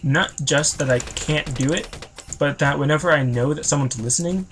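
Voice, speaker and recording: A man's voice: on the high side, moderate pace, a bit bright, slight background noise. A man chatting through a video game as a let's play host, rambling and self-conscious, laughing easily. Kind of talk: casual gameplay commentary.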